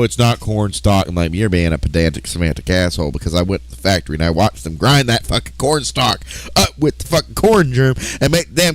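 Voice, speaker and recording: A man live-streaming a game, chatting casually in a rambling, profane way, stopping to correct himself and laughing often. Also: medium pitch. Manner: restarts and self-corrections mid-sentence. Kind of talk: casual live-stream chat while playing.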